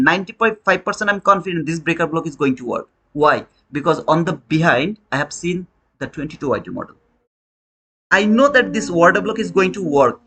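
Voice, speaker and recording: A man's voice: fairly high pitch, sharp tone, breathy edge. A man teaching trading in a preachy, repetitive way, often calling the listener brother, speaking English as a second language. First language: Bengali. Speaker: trading educator. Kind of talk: motivational lecture.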